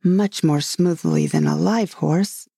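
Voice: medium pitch, slow, gravelly, mellow, husky, dry recording, clean studio sound, heavily acted. A reader voicing a polite, curious young girl in a storybook reading, raising the voice for her exclaiming lines.

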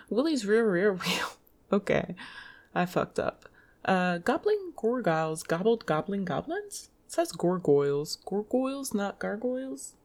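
A woman's voice: medium pitch, sing-song, measured pace, darkish tone. A woman reading tongue twisters aloud in a casual solo video, laughing and swearing at her own slip-ups.

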